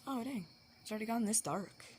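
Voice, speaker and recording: A woman's voice: on the high side, expressive, fast, a little mellow, a little hiss or hum. Rambling woman telling a fan story. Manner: rambling, with many fillers and restarts. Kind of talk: improvised fan story narration.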